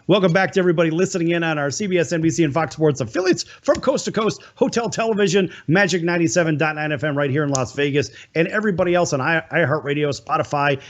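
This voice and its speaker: A male talk-show host with a slightly raised pitch welcomes viewers and guests in an eager, promotional way. The recording sounds a little dull and lo-fi. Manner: enthusiastic, promotional, quick asides.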